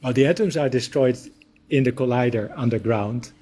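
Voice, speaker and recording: A man who is a particle physicist, giving careful, measured explanations. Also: mid-range voice, warm tone, breathy edge.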